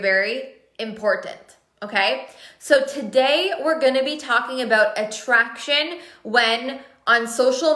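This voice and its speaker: Woman coach live on stream, higher-pitched, eager, asks viewers questions, roomy echo. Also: pushed and bright. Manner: enthusiastic, repeats words for emphasis, asks viewers questions. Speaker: business coach running masterminds.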